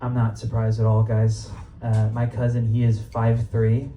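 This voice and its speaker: Captured on a distant mic in a roomy comedy club, this young comic's set is casual and profane, and he laughs at his own jokes while the crowd laughs and cheers. He speaks a little slowly in a completely flat, dark, medium-pitched voice. The lo-fi recording has slight background noise.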